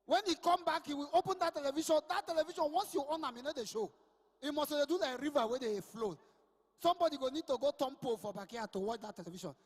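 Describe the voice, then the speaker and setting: A young Nigerian man with a Port Harcourt Pidgin accent works the crowd as a live comedian and MC. His voice sits high and carries a long reverb tail from the PA system. He tells loud, punchy stories that slide between English and Pidgin. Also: fast talker. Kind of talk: live stand-up at an event. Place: outdoor sports event over a PA.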